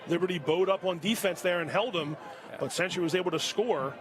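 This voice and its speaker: Excited play-by-play man at a stadium. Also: a little fast. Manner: rises sharply in pitch and volume on big plays. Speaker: play-by-play announcer. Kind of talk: live sports commentary. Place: outdoor high school football stadium. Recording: crowd and music behind. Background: crowd and music.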